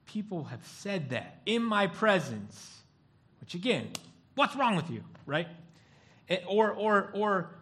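A male pastor delivers a sermon in a high voice at a slow pace. He tells stories with animation, acting out the voices of the people in them.

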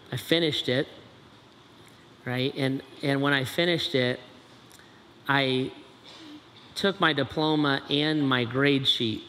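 A man's voice: mid-range voice, pushed and bright. A middle-aged man from Ohio, telling a personal story in an earnest, conversational way and often adding "right?". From Dayton, Ohio, USA. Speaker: speaker. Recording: echoey large hall, faint ambient noise.

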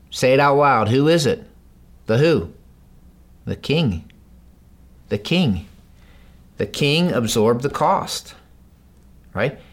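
A man preaching a sermon, moving between loud, emphatic lines and hushed, low delivery, and acting out the voices in the story he reads. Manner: acts out the parable's characters in raised voices. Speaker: pastor.

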